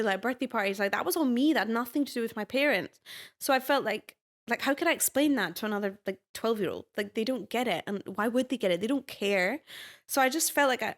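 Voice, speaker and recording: A woman in her twenties with a Scottish accent, chatting as a podcast guest in an animated way and laughing easily. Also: a little high. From Scotland. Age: 20s. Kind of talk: casual interview chat.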